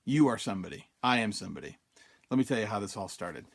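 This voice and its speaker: A man's voice: on the low side, expressive, fast talker. A man hosting a self-help podcast, telling a personal story casually, with many fillers, and acting out his own thoughts in quotes. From Utah, USA. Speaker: podcast host.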